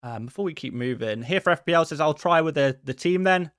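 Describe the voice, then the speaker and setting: A man hosting a casual live stream in a friendly, quick way, reading out viewer messages and answering each one. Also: a little high, expressive, fairly bright tone, clean tone, no room sound, clean studio sound. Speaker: host answering viewer questions.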